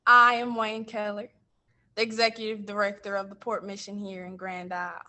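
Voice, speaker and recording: A woman's voice: medium pitch, flat delivery, moderate pace, lightly acted. A woman playing a blunt, fired-up Gulf Coast man. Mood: heated. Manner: storytelling, gets heated and loud. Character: blunt middle-aged man running a coastal mission. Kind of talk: stage monologue from interviews.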